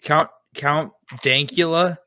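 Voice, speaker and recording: A man's voice: on the high side, steady tone, slow pace, bright, forceful tone, slight background noise. A man co-hosting a podcast in casual chat, laid-back and self-mocking, swearing freely. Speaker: podcast co-host.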